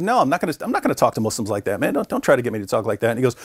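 A man, a guest in an interview at a conference, telling stories in a lively conversational way, acting out the voices he quotes and often repeating words as he starts a sentence. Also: mid-range voice, very fast, hardly any pauses, breathy edge, no echo, clean studio sound. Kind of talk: conversational storytelling. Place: conference venue.

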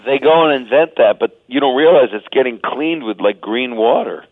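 A man's voice: medium pitch, animated, normal speed, no echo. A man in his sixties, a comedian guest on a radio show, telling crude stories in a loose, laughing way. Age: 60s. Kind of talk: casual radio chat. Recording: tinny phone line.

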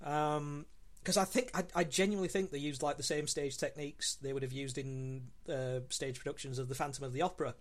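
A man's voice: a little high, steady tone, fairly quick. A man as guest co-host on a podcast, talking enthusiastically with frequent ums and restarts. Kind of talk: casual podcast discussion.

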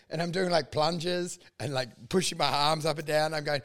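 A man, a podcast co-host, telling a story in casual chat, animated and laughing, acting out the voices of people in it. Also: a little high, fairly quick, hardly any pauses, smooth. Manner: animated, laughing storyteller who acts out quotes.

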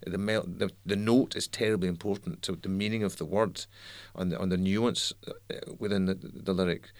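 A man's voice: low-pitched, steady tone, moderate pace, dry recording. A Scottish man, a songwriter and singer, talking as an interview guest in a thoughtful, rambling way with restarts. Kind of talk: reflective interview talk.

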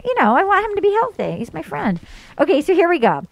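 Animated high-voiced woman hosting a chat. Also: fast, gravelly, dry recording. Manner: animated, acts out quotes in voices. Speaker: podcast host. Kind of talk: casual chat, recapping a dating show.

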